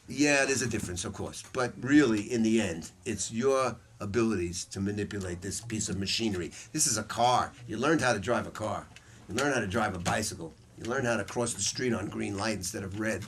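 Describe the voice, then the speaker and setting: A lower-voiced man teaches a room of saxophone students, blunt and profane as he spins stories. A faint hiss sits under his voice. He talks like a straight-shooting old hand. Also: fairly quick. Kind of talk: masterclass talk to students. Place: music store room with students.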